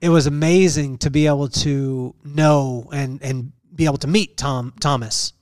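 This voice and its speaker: A man hosting a podcast, telling an emotional personal story in an earnest, halting way with many fillers. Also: mid-range voice, fairly even intonation, darkish tone, no room sound, clean studio sound. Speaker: podcast host.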